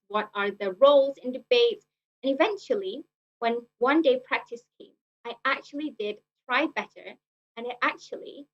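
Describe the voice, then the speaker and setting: A young woman speaking earnestly, her pitch sitting on the higher side. She tends to repeat her phrases and fall back on filler words. The recording is muffled and lo-fi. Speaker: club speaker. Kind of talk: prepared personal speech.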